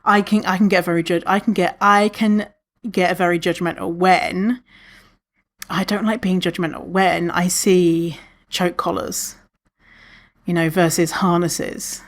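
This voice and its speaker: A woman hosting a podcast alone, chatting casually, swearing freely and laughing often, with many restarts. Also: a little slow. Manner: animated, lots of restarts, acts out quotes in a higher voice. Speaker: podcast host. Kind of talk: casual solo podcast talk.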